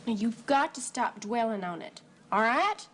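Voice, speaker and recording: An upbeat, devoted young wife from a TV comedy. Her voice is fairly high and swings about a lot. She pours out chirpy, gushing reassurance. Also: lively intonation, moderate pace, fairly bright tone.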